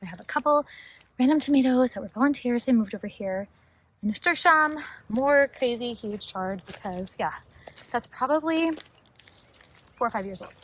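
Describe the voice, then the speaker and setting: A woman's voice: fairly high pitch, animated, moderate pace, long pauses. Chatty woman touring her garden outdoors. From Northern California. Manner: chatty and enthusiastic, talks to viewers as "you guys". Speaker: homestead gardening vlogger. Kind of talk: casual walking garden tour. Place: outdoors in a home vegetable garden.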